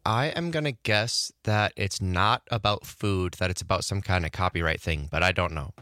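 Deep-voiced hesitant young male producer. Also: moderate pace, bright, forceful tone, no room sound, clean studio sound. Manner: hesitant, thoughtful, many fillers. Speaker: radio producer. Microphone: studio mic.

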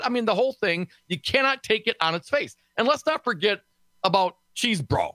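A man co-hosting a political talk radio show in a studio, sarcastic and snarky, talking fast with lots of restarts. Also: very high-pitched, lively intonation, sharp tone, no room sound.

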